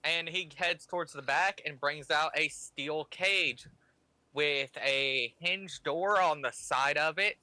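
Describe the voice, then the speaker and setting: A man narrating as game master of a tabletop game in a relaxed, casual way. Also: fairly high pitch, slow, no room sound.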